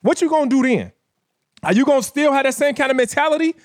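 A man's voice: extremely high pitch, lively intonation, quick pace. A man co-hosting a podcast in casual chat, speaking passionately and addressing listeners directly in a motivational way. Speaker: podcast co-host.

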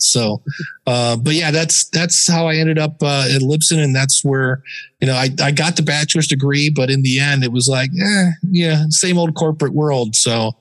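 A middle-aged man, a podcast guest, telling stories in a casual interview and acting out the people he quotes in lively voices. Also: a little high, normal speed. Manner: chatty, acts out quoted people in animated voices.

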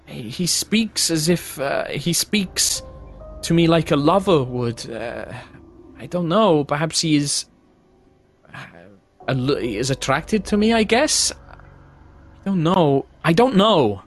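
A man voicing a frightened young noblewoman haunted by a vampire, stammering and halting. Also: a little high, animated, faint music behind, voice pushed up. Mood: shaken. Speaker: game master voicing a character.

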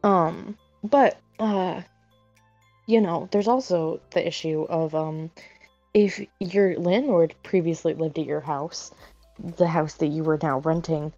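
A woman's voice: deep voice, fairly even intonation, slow pace, dark tone, dry recording, lo-fi sound, soft background music. A woman co-hosting a casual podcast, rambling with lots of fillers and restarts. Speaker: podcast co-host.

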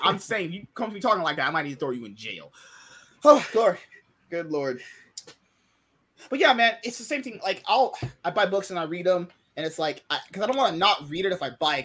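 A man's voice: high voice, big pitch swings, quick pace, a bit bright, husky. A man hosting a casual podcast chat, talking animatedly and often exclaiming in disbelief. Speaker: podcast host.

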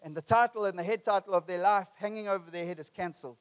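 High-voiced impassioned male preacher. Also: fast. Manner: passionate, rising to emphatic peaks then dropping low. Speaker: pastor. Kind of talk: sermon.

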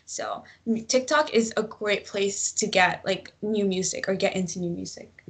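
A woman's voice: medium pitch, moderate pace, vocal fry. A young woman co-hosting a podcast, rambling in casual chat with many fillers and frequent laughs. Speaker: podcast co-host.

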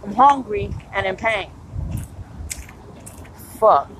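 A woman's voice: mid-range voice, takes it slowly, background noise. A tired woman in pain, venting bluntly and profanely about customers at her retail job in a casual podcast monologue.

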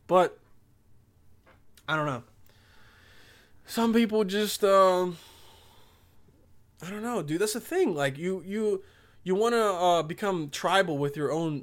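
A man's voice: sits high, a little slow, pauses often, a bit bright. A young man from Bosnia with no accent, talking in a rambling, profane, emphatic casual monologue.

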